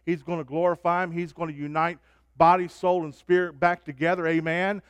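A man preaching a sermon, swinging from soft, low asides to loud, rising proclamations. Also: steady tone, brisk, clear, resonant tone, dry recording, studio quality.

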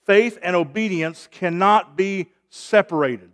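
A man's voice: high-pitched, moderate pace. A man delivers a sermon from the pulpit. He preaches emphatically and swells in volume to drive home each key point. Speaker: pastor.

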